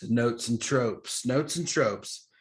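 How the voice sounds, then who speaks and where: An easygoing man co-hosting a podcast, chatting casually about comics. His delivery is loose and conversational. His voice sits at an ordinary middle pitch. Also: takes it slowly. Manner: easygoing, chatty, laughs often. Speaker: podcast co-host.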